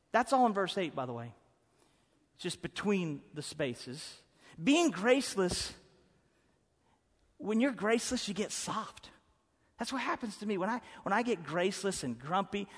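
A man preaching a sermon as pastor, emphatic and swinging from loud to hushed. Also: high voice. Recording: preaching in a hall with long reverb.

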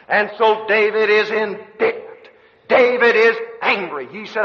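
A man's voice: high voice, expressive, unhurried. A man preaching a sermon in a folksy storytelling manner that rises into emphatic bursts. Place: seminary hall. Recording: dull lo-fi echoey hall recording.

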